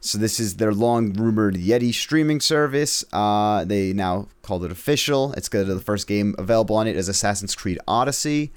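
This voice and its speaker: Low-voiced man reading gaming news. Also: lively intonation, moderate pace, hardly any pauses, clear, resonant tone. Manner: reads headlines, loose and profane. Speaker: podcast co-host reading news. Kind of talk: casual gaming news chat.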